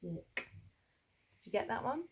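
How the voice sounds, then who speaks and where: A woman teaching young children to spell, sounding out each letter slowly and carefully. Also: mid-range voice, a little mellow, a little hiss or hum. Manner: slow, drawn-out sounding out of letters. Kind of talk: phonics lesson for young children.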